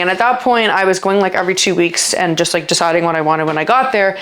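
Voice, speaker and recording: A woman's voice: on the low side, a bit bright. Rambling woman telling a personal story. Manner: rambling, heavy on filler words; halting, trailing off when upset. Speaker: vlogger.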